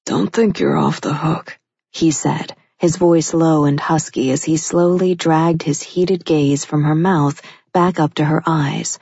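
A woman voicing a gruff, flirtatious male cop who speaks in a low, husky murmur. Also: measured pace, mellow, no echo, lo-fi sound, heavily acted. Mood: teasing.

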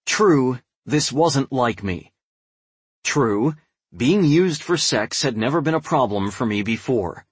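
A man narrating a first-person romance story, dropping to a hushed, breathy tone for the dialogue. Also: medium pitch, expressive, normal speed, few pauses, dry recording. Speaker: audiobook narrator.

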